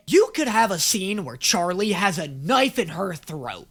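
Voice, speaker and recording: A young man riffs through a reaction video in a lively, swooping voice with a gravelly rasp. He swings between dry asides and loud outbursts, full of sarcasm. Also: sits high, unhurried. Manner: sarcastic, animated rants with sudden shouts. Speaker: YouTube reaction host. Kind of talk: comedic reaction commentary.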